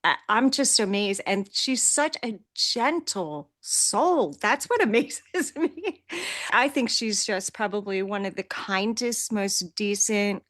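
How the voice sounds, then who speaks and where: A woman hosting a podcast, talking gently and admiringly. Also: medium pitch, expressive, takes it slowly, hardly any pauses, no echo, studio quality. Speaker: podcast host. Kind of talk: casual chat.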